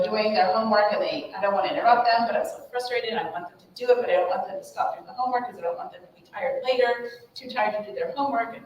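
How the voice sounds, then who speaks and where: A woman giving a casual parenting talk as a guest speaker, acting out examples lively. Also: medium pitch. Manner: animated, acts out examples with nonsense sounds. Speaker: guest speaker on child behavior. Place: school room with audience. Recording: echoey room, voice from far off, faint noise.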